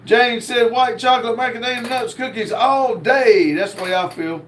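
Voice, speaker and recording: Man, livestream host, high voice, slow drawl, faint background hiss. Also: a bit bright. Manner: slow, drawling, reads comments aloud. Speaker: livestream host reading chat. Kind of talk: casual livestream chat.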